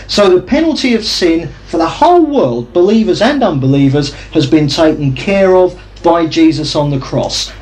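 A man's voice: high voice, low-quality recording. A man preaching a sermon, teaching carefully and asking his listeners questions as he goes. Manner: teaching, asks the audience questions.

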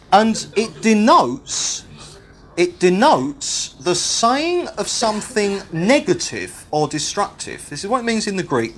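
Man preaching, lively rising and falling delivery, slightly high voice, repeats key words, quick joking asides, faint background hum. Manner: animated teaching with humorous asides and repetition. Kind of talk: sermon.

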